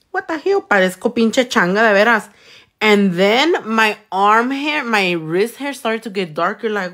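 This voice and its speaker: Bilingual nail tech woman, playful. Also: on the low side. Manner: bilingual code-switching, crude and playful, frequent loud laughs. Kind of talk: casual livestream chat while doing nails.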